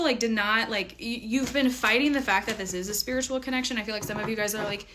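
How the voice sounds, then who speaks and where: A woman's voice: medium pitch, quick pace, few pauses, fairly bright tone, a little hiss or hum. A woman giving a casual, chatty tarot reading to her viewers, full of fillers and playful asides. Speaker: tarot reader.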